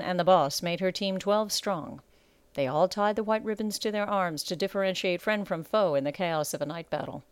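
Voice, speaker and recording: A woman reading a story aloud as narrator in a measured, dramatic storytelling manner. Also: on the low side, smooth, dry recording. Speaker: audiobook narrator. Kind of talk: scripted narration.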